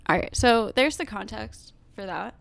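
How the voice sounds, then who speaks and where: A woman's voice: mid-range voice, animated, vocal fry, no room sound. Stuffy-nosed woman reading comments aloud. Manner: measured, reads replies aloud with pauses and fillers. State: stuffy nose. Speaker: commentary video host.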